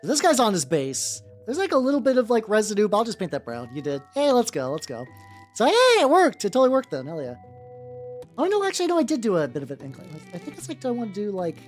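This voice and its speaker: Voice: medium pitch, huge pitch swings, fast talker, soft background music. A streamer chatting casually while painting miniatures, rambling with many stammered restarts and casual swearing.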